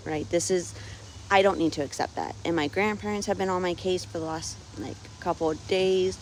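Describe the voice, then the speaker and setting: A woman's voice: medium pitch, moderate pace, poor audio. A young woman venting about her family in a casual monologue, recorded outdoors on her phone with wind around her. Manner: frustrated, keeps tagging "right?". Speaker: vlogger. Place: outdoors on her farm, windy.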